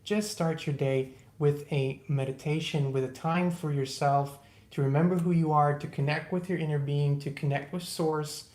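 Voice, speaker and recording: A livestream host in casual talk who greets viewers by name and eases into slow, calm breathing guidance. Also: mid-range voice, roomy sound. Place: indoors at a laptop.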